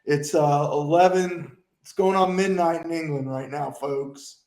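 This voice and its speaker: A man hosting a podcast, relaxed as he thanks the guests and signs off. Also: on the high side, unhurried, reverberant. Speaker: podcast host. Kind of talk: casual podcast sign-off.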